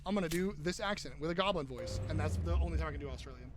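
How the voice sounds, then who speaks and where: A man's voice: fairly high pitch, very fast, background noise. A man streaming live, talking in a heated, profane, casual way.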